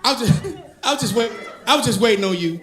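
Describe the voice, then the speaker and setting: A male stand-up comedian telling stories in an animated, sing-song way, laughing at his own jokes. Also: very high-pitched, fast. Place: comedy club stage.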